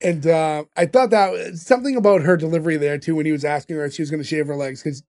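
A man's voice: a little high, fast, a little mellow. A man hosting a casual podcast, recapping scenes with lots of ums. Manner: recaps scenes with filler ums and quoted lines. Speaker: podcast host recapping episodes.

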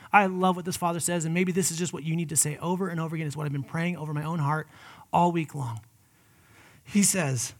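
A man preaching a sermon in an earnest, conversational way, moving between loud emphatic peaks and hushed whispers. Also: on the high side, a little fast. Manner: personal, addresses listeners as guys. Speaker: pastor.

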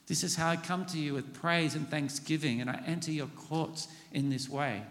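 A man's voice: fairly high pitch, normal speed, hardly any pauses, a bit bright. A man preaching a sermon in a church, earnestly leading the congregation through the lines of a prayer. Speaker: pastor. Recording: long hall reverb.

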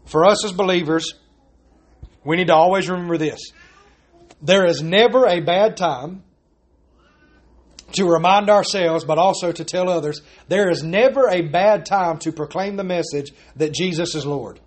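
A man's voice: high voice, normal speed. A man preaching a sermon as pastor, pressing his points with repeated rhetorical questions.

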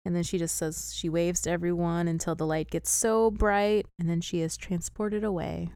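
A woman's voice: lowish voice, level tone, moderate pace, a little mellow, smooth, no room sound, studio quality. A woman in casual chat, retelling a film's plot step by step and laughing often. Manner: chatty plot recap, giggly. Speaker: podcast co-host recapping a film.

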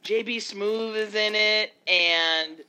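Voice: mid-range voice, slow pace, bright, forceful tone, clean tone. A podcast co-host in casual chat, swearing freely and trailing off mid-thought.

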